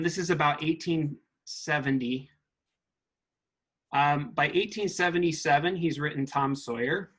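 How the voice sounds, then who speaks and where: A man giving an informal talk at a meditation center, halting and thinking aloud with frequent restarts. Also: on the high side, a bit bright, low-quality recording.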